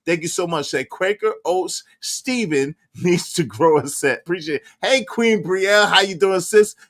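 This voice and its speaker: Man hosting a lively live stream. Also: high-pitched, moderate pace, no room sound, studio quality. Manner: interrupts a lot and greets chat by name. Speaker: livestream host. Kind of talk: casual live-stream debate.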